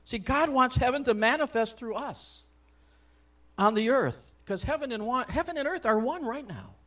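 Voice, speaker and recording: A male pastor preaching a sermon in a church. He talks conversationally with many asides, swinging between loud exhortation and soft, hushed remarks. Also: very high-pitched, animated, moderate pace. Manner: conversational, frequent "I mean" and "you know".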